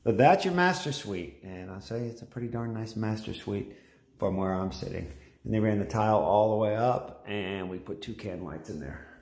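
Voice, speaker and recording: A man's voice: fairly low pitch, animated, moderate pace, a little mellow. A middle-aged man, a home builder, giving a folksy, enthusiastic walkthrough tour of a house and pointing things out as he goes. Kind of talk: casual walkthrough narration.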